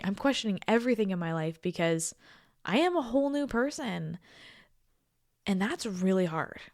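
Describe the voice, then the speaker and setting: A woman in her thirties hosting her own podcast, talking in a reflective, confiding way. She is tired and emotional, slips into soft near-whispers and laughs often. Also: lowish voice, no room sound, studio quality. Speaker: podcast host. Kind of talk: casual solo podcast talk.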